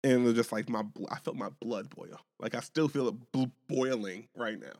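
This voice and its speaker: A young man tells a story on a podcast in a loose, animated way, tripping over his words and swearing as he gets worked up. His voice sits at a middling pitch, and the recording is close and dry with no room sound. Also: fairly quick, dry recording. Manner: animated, swearing, many restarts and repeated words. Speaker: podcast co-host telling a story. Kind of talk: casual chat, storytelling.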